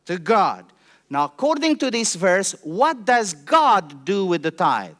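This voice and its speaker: A man preaching a family church service, his voice sitting high and swinging widely in pitch. He speaks with passion and keeps putting questions to the congregation. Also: very animated, takes it slowly, sharp tone. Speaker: pastor. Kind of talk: sermon.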